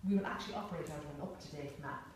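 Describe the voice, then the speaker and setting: A woman's voice: deep voice, rapid-fire. Woman teaching in an echoey room. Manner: chatty, many "you know"s, acts out little voices. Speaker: workshop facilitator. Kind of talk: informal workshop talk. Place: large echoey room with a group. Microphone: distant room mic. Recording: echoey room, far from mic, faint hiss.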